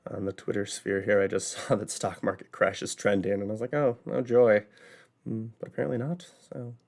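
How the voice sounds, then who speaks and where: A man's voice: fairly low pitch, fast talker, creaky. A man hosting a casual livestream from home, chatting in a rambling way with plenty of fillers. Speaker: host. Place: home, building bricks.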